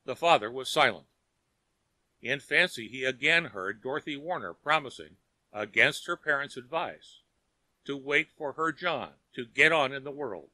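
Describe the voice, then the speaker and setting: A male audiobook reader tells a short story with expressive delivery. His voice is very bright and moves through a lively pitch range. The recording is close and dry. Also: moderate pace, dry recording. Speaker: narrator.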